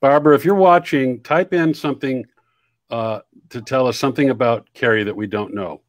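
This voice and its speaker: An easygoing man hosting an interview, his voice pitched in the middle range. He is recorded dry and close, with no room echo. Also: moderate pace. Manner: easygoing, many short backchannels. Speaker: interview host. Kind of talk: casual interview chat.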